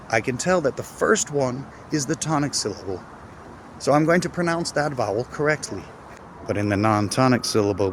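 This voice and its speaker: A man teaching English pronunciation in a casual video lesson, speaking emphatically and repeating words slowly as drills. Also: mid-range voice, a little hiss or hum.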